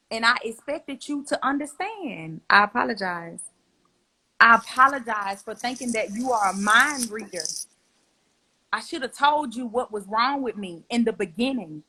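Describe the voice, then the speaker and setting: Earnest young woman, emotional apology, slightly high and husky. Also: sharp tone, rough recording. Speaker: guest. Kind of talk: heartfelt spoken apology.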